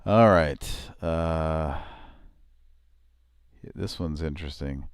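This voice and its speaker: Deep gravelly man muttering asides. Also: expressive, a little slow, pauses often, dark tone, no echo, clean studio sound. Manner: mumbling, trailing off to himself. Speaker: prank call show host. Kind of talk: casual live-stream chat.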